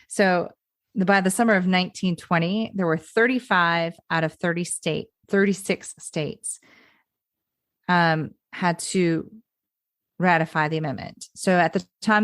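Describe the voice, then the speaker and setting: A woman on a podcast recounts history in a loose, chatty way, full of ums and restarts. Her voice sits a little low, and the recording is dry and close. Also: dry recording. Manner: chatty, laughs often, many fillers and restarts. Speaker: podcast co-host. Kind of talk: casual history podcast chat.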